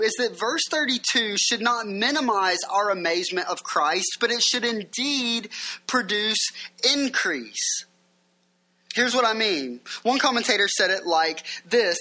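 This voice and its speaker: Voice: medium pitch, sharp tone. A pastor preaching a sermon in a conversational way, asking the listeners questions and reading passages aloud.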